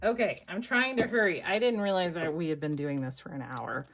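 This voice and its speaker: A woman with an American accent, chatting casually to her viewers while she makes a collage, thinking out loud as she works. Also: on the low side, fairly quick, slight background noise. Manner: chatty, thinks aloud, talks to viewers as y'all. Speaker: craft vlogger. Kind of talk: casual crafting chat to camera.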